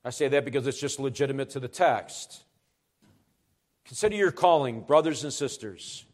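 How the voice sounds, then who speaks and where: A man's voice: medium pitch, a little fast. A middle-aged man, a pastor, preaching an expository sermon to his congregation, with earnest explanations that rise to emphatic urgency.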